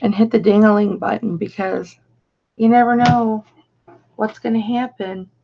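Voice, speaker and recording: Slow, gravelly-voiced woman hosting a live stream. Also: medium pitch, steady tone, highs cut off, a little hiss or hum. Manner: chatty, affectionate, reads out viewer comments. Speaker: live-stream host and reseller. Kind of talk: casual live-stream chat.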